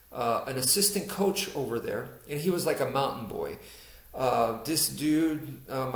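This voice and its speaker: A man tells an old personal story in a loose, rambling way, full of fillers, restarts and self-mocking asides. His voice bounces around a noticeably echoey room. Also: medium pitch. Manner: rambling, many fillers and restarts, laughs at himself. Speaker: YouTuber telling a personal story. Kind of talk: casual storytelling to camera.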